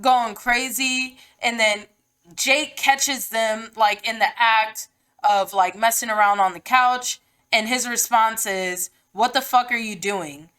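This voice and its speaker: A woman's voice: fairly high pitch, slow pace, bright, forceful tone, clear, resonant tone. A woman hosting a podcast, giving a casual book reaction in a blunt, slangy, profane way with lots of "like" fillers. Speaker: podcast host.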